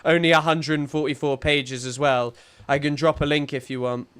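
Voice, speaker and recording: A man's voice: on the high side, steady tone, normal speed, a bit bright, smooth. A young man, rambling and sarcastic in casual live-stream commentary, full of restarts and fillers. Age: young adult.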